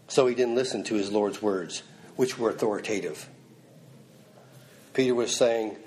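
A man's voice: on the high side, big pitch swings, brisk, a little mellow. A man preaching a sermon, stressing points by repeating them and acting out the lines he quotes. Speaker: pastor.

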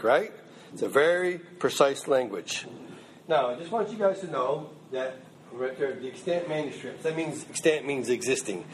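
Male Bible teacher, relaxed classroom talk, a touch high, light background noise. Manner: conversational, checks in with "okay?" and "you know what I mean?". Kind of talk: informal Bible class lecture.

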